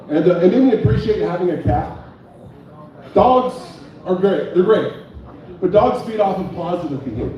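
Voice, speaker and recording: A man's voice: fairly high pitch, very echoey, recorded from a distance, lo-fi sound, a little hiss or hum. Young man hosting a bar comedy night. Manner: loose, joking, chatty with the crowd. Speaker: comedy show host and stand-up comic. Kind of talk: stand-up comedy.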